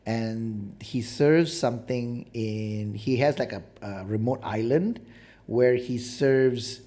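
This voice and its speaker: A man co-hosting a relaxed podcast, talking in a rambling way. He keeps checking in with his co-host, and his voice sits at a middling pitch. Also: takes it slowly. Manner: chatty, rambling, lots of "right?" and "you know?". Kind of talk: casual chat.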